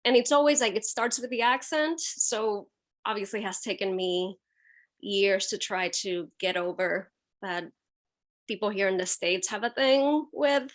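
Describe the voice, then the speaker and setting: A woman's voice: medium pitch, unhurried. A woman with a Puerto Rican accent, a photojournalist telling stories on a panel and acting out what people said to her. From Puerto Rico. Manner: animated storytelling, acting out other people's remarks. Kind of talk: casual anecdote on a panel.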